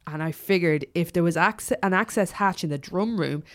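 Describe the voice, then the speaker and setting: A woman with a lowish voice reads a story to her co-hosts in a loose, chatty way. She breaks off for quick, sweary asides before diving back into the tale. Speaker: podcast co-host. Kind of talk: casual chat, reading a story aloud.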